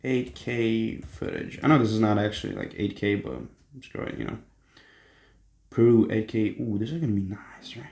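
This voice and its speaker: A young vlogger films a casual unboxing, excitable and swearing often as he jumps between hushed whispers and squeals. His voice is on the low side and his pace moderate.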